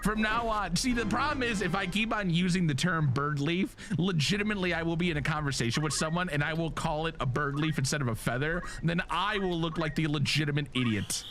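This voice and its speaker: A man's voice: on the high side, fairly quick, few pauses, noisy background. A man streaming a game live, chatting casually and jokingly straight to his viewers. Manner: animated, joking, talks straight to chat.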